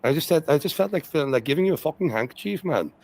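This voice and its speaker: A man's voice: fairly high pitch, animated, fast, gravelly, a little mellow, rough recording. A man ranting on a livestream, profane and repetitive, with many fillers and constant "okay"s. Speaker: streamer in a replayed stream clip. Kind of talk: rambling livestream rant.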